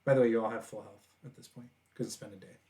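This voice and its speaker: A man running a tabletop game as game master, lively and quick to laugh as he describes the scene. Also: medium pitch.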